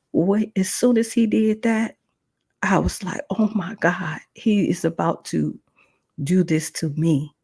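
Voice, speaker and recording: A woman's voice: fairly low pitch, gravelly, dark tone, slightly rough. A woman hosting a podcast, telling a personal testimony with strong emotion and acting out the voices in her story. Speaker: podcast host.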